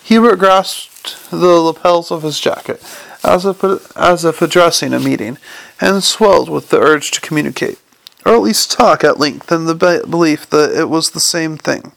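Male narrator, gravelly, slightly raised pitch, dry close mic, occasional stumbles. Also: normal speed, a bit bright, no echo. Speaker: audiobook narrator. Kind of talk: scripted narration.

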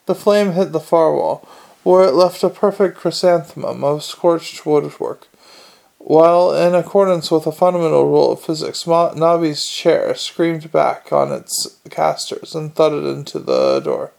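Guy reading an audiobook, gravelly and a bit high, dry measured delivery. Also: darkish tone. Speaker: audiobook narrator. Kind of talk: scripted narration.

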